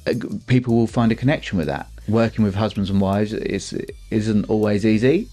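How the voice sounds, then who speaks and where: A man's voice: on the low side, fairly quick, dark tone, faint music behind. A man co-hosting a podcast in casual, jokey chat, often trailing off mid-sentence. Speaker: podcast co-host.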